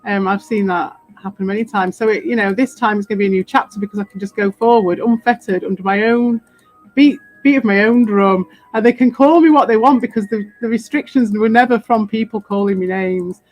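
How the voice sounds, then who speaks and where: A woman's voice: mid-range voice, fairly even intonation, a little fast, a little mellow. A British woman in a casual, rambling monologue, swearing freely, laughing often and sounding defiant. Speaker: crypto streamer.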